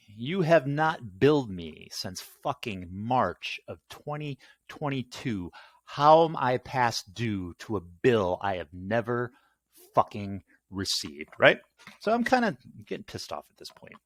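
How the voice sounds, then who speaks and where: A man's voice: lowish voice, fairly bright tone, no echo. A man ranting casually and at length, exasperated and swearing, rambling through a complaint. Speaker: channel host.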